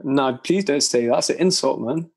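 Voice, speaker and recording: A man's voice: mid-range voice, normal speed, slightly rough. A young man, a guest chatting in a laid-back, slangy way during an interview. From Leicester, England. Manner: laid-back, swears and laughs often, slangy. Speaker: guest lyricist. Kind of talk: casual interview chat.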